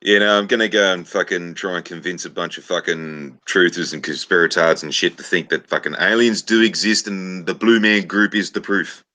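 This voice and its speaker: A man's voice: deep voice, steady tone, moderate pace, hardly any pauses, sharp tone. A man co-hosting a casual stream, sarcastic and swearing freely. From Australia. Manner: profane, sarcastic. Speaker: co-host. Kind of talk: casual banter chat.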